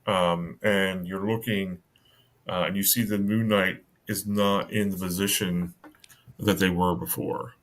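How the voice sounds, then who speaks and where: A man narrating as game master of a tabletop game, halting and full of fillers. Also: low-pitched, steady tone, fairly bright tone. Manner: halting, many fillers and restarts.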